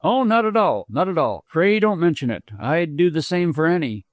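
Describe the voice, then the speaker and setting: Guy doing a proper polite gentleman, formal, a bit high, dry sound. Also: very animated, normal speed, no echo. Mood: courteous. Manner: formal and courteous.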